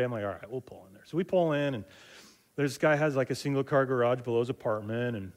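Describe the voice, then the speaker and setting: A man's voice: medium pitch, fast talker. Middle-aged guy preaching, chatty and full of ums and restarts, does little voices when he tells a story. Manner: conversational storytelling with many fillers and restarts; acts out quoted voices in dialogue. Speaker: pastor. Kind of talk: sermon.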